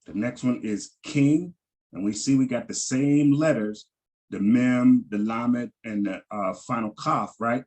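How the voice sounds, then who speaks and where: A man's voice: medium pitch, unhurried, darkish tone. A man teaching a Hebrew vocabulary lesson, patiently repeating each word with frequent ums and restarts.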